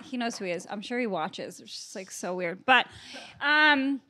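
A woman's voice: on the high side, lively intonation, moderate pace, pushed and bright. Chatty woman with dry asides. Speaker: podcast co-host. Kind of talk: casual banter.

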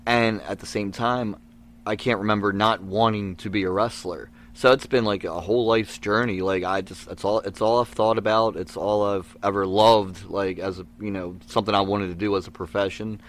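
A man's voice: on the low side, fairly even intonation, normal speed. A man who is a wrestler, talking earnestly with many fillers in a casual interview. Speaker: guest, wrestler.

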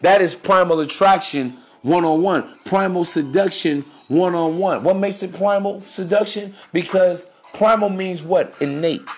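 A man's voice: high-pitched, measured pace, hardly any pauses, faint music behind. A man hosting a podcast, giving crude, swaggering dating advice in a preachy monologue. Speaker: podcast host.

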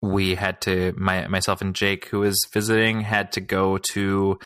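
A man's voice: low-pitched, completely flat delivery, measured pace, fairly bright tone, clear, resonant tone, no room sound. A man co-hosting a gaming podcast in casual chat, rambling with many fillers and restarts. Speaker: podcast co-host.

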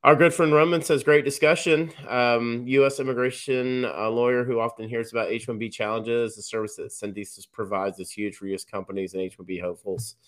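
A man's voice: medium pitch, fairly even intonation, fairly quick, hardly any pauses. A man hosting a live stream, reading viewer comments aloud and thanking viewers, with many "um"s and "uh"s. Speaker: host.

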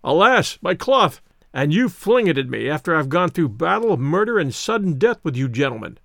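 A man voicing a kindly, sympathetic priest who talks in a gently reproving way. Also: on the high side, sing-song, normal speed, creaky, no room sound, studio quality, heavily acted.

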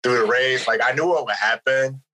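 A man guesting on a podcast, talking over his phone in soft-spoken, hesitant casual chat with many ums. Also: mid-range voice, a little fast, rough recording. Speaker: podcast guest, run club co-founder.

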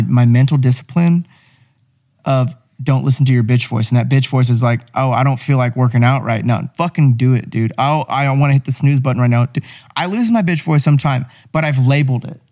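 A man's voice: mid-range voice, warm tone. A young man in casual podcast chat, blunt, profane and motivational as he tells a story.

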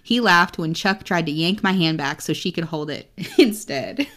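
A young woman co-hosting a casual book podcast, excitedly recapping scenes, swearing freely and reading passages aloud between laughs. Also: fairly low pitch, normal speed. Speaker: podcast co-host.

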